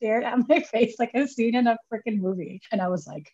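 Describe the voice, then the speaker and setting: A woman's voice: fairly high pitch, fast talker, few pauses, mellow, breathy edge. A young woman, a film producer, chatting as a guest in a casual, self-deprecating way, full of "like", in a dull lo-fi recording. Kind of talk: casual interview storytelling.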